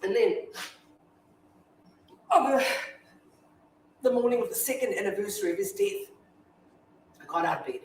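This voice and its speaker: An actress playing a grieving, foul-mouthed widow in a staged reading, telling her story from hushed to shouting. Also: fairly high pitch, very animated, moderate pace, long pauses, slight background noise. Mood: defiant. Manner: confessional monologue, swinging from hushed to shouting. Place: theatre stage. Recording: echoey hall from far off.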